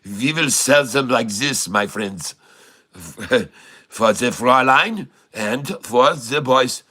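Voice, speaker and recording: A man's voice: lowish voice, sharp tone. Debonair European sunglasses seller, as a man puts him on. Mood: mock-suave. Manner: slow, lilting put-on foreign accent with giggles.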